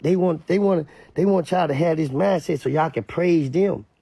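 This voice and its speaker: A man giving casual street commentary to camera, animated and repetitive, sometimes mimicking others in a high voice. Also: moderate pace, vocal fry, husky, no echo.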